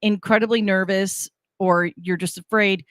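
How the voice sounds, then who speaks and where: A woman co-hosting a casual morning radio show, chatty and rambling, with a husky morning voice. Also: mid-range voice, steady tone, moderate pace, fairly bright tone, no room sound, studio quality. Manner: chatty, laughing, rambling asides. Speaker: radio co-host. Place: radio studio.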